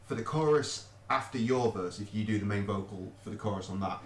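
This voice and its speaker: A man's voice: lowish voice, fairly quick. Man directing a home recording session. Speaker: stream host recording vocals. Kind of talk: casual studio chat. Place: home studio. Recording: echoey room, mic far off, noisy.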